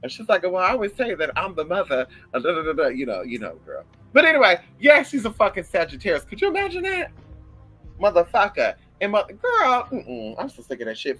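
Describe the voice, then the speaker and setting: Brash, foul-mouthed woman vlogger, bright and lively, faint music under her. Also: fairly low pitch, a little fast, poor audio. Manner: brash, profane, animated, talks to viewers as girl. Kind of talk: casual rant to camera.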